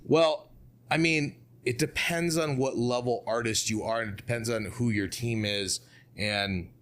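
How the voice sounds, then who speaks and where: This is a man speaking as a guest on a podcast interview. He talks casually and with animation, and he drives his points home with rhetorical questions and quick asides. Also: medium pitch. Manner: animated, asks rhetorical questions, frequent "you know what I mean".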